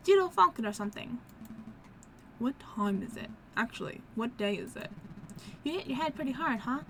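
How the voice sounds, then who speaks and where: A chatty, friendly fisherman from a game, put on by a woman playing through it. He fusses cheerfully in a bright, raised voice. Noise hums steadily behind. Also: sits high. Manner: cheerful, fussing.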